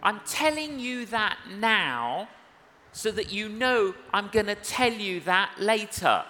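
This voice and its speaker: A male evangelist preaching a sermon in a church service, earnest and unhurried, acting out dialogue in his stories. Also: high-pitched, sing-song, sharp tone. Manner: slow, earnest, acts out dialogue in anecdotes. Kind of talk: sermon with storytelling. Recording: reverberant church hall with faint noise.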